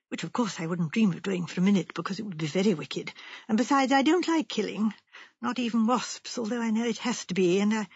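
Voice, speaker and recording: A woman voicing a gentle elderly spinster who speaks mildly and rambles a little. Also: medium pitch, creaky, slightly rough, no echo. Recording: muffled lo-fi.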